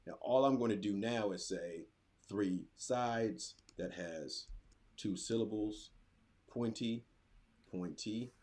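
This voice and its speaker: In a laid-back webinar, a teacher walks through a classroom writing activity, thinking aloud as he clicks around his screen. His voice sits lowish with a somewhat dark tone, and he speaks slowly.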